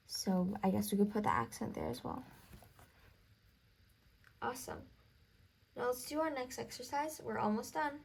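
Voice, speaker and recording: A woman's voice: fairly high pitch, gravelly, husky. A young woman teaching a music theory lesson, counting beats aloud and apologizing for small slips.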